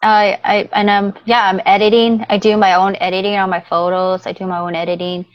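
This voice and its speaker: A woman's voice: mid-range voice, little pitch movement, fairly quick, no room sound, dull audio. A young woman in a casual chat as a guest, talking in a rambling way and laughing often.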